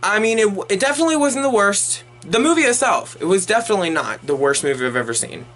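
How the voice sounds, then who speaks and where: Young man, high voice, bright and sharp tone, profane exasperated rambling review. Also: expressive, fast, soft background music. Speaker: movie reviewer. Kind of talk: unedited ranting review.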